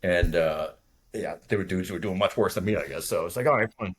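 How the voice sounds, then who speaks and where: A man in his sixties from near Boston, a retired fighter pilot telling a war story in casual, profane, rambling talk. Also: low-pitched. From from near Boston, USA. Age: 60s. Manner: rambling, profane, talks fast when nervous.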